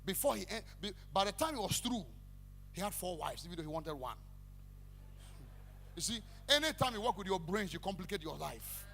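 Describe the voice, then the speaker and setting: A man preaching a sermon, animated, breaking into shouted sing-song calls to the congregation. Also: high voice, brisk, vocal fry, pauses often. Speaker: pastor. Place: church hall. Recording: echoey church hall with faint hum.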